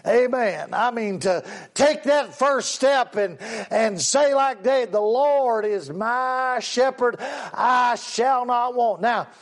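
Male preacher, unhurried, drawn-out delivery, amens throughout. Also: extremely high pitch. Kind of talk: sermon.

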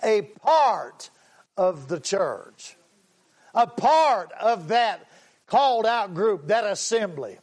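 A man preaches a sermon in a high voice. He takes his time, leaning on single words and repeating them for weight. Now and then he calls out to his listeners. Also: very animated, a little mellow. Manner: repeats key words slowly for emphasis, with preacher's call-outs.

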